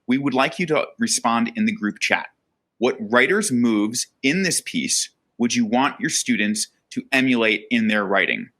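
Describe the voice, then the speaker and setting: A man hosting an educational webinar, talking in a relaxed way with lots of fillers. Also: lowish voice. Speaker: webinar host.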